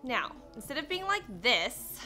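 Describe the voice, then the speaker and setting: A woman's voice: high voice, sing-song, unhurried, pushed and bright, soft background music. A woman comedy vlogger narrating a sketch to camera in a playful, sarcastic way. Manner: playful, sarcastic, giggly asides.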